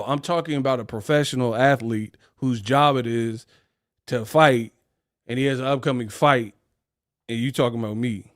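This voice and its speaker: A man hosting a casual livestream rant, talking in slang and laughing off his critics in a mocking, dismissive way. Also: medium pitch. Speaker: livestream host.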